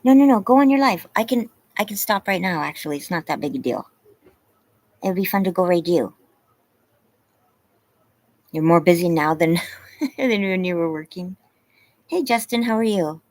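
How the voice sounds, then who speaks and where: Tired woman livestreaming, kinda husky and low, voice jumps around a lot, chatting with viewers. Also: expressive, moderate pace, long pauses, dry recording. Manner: chatty, scolding her dogs, greeting viewers. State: tired, teary. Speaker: livestream host. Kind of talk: casual livestream chat. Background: dogs barking.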